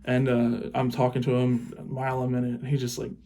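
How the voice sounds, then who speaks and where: A man's voice: medium pitch, completely flat delivery, a little fast, warm tone. A young man spins a crude comic anecdote in a casual, rambling way. His swearing is offhand, he laughs along as he goes, and he keeps circling back on his own sentences. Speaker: teacher.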